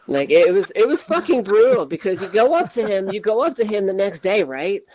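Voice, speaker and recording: A man's voice: sits high, very animated, brisk, darkish tone, dry recording. A man hosting a casual talk show, telling rowdy, crude stories and swearing a lot while he laughs. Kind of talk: casual chat, rowdy storytelling. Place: virtual reality social space.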